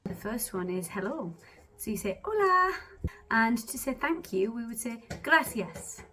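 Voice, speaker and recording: A woman teaching basic phrases in a lively, expressive way. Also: on the high side, normal speed.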